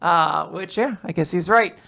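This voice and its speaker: A man casually recapping a manga chapter on a podcast, acting out characters' lines in quick put-on voices. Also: high-pitched, gravelly, sharp tone. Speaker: podcast co-host.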